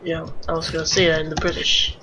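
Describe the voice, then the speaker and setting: A man's voice: on the high side, level tone, quick pace. A teenage boy chatting casually while gaming, mumbling and joking around. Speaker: gamer co-host. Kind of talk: casual gameplay chat. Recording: dull lo-fi mic with faint hiss.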